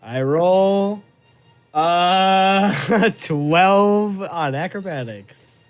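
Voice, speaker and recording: Slow, laid-back male player. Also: sits high, dry recording, faint music behind. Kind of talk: casual tabletop play.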